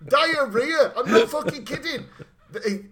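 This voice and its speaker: Bright-voiced, animated man. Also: high voice, moderate pace. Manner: animated storyteller, swears freely, laughs while talking. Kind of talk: casual comedic chat.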